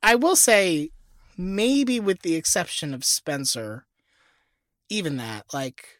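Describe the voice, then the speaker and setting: Lively low-voiced female podcast co-host. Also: takes it slowly, no room sound, clean studio sound. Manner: rambling, self-deprecating storytelling. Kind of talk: comedic podcast banter.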